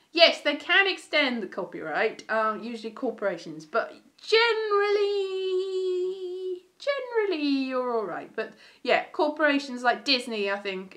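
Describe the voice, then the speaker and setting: Young British woman, slightly high, rambly and self-deprecating live-stream chatter. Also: fairly bright tone. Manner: rambling, self-mocking, trails off and restarts. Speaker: vlogger. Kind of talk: casual live-stream chat.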